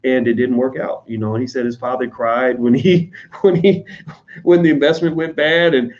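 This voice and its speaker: A man with an American accent talking casually to his audience, blunt and profane, slipping into quick mimicry of other people. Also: mid-range voice, steady tone, a little mellow, dull audio. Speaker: online commentator on business. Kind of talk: casual unscripted monologue.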